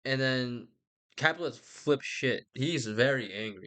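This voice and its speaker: A man's voice: medium pitch, unhurried, a bit bright. A young man giving a rambling, sarcastic comedic recap of a book, swearing casually and putting on voices for the characters.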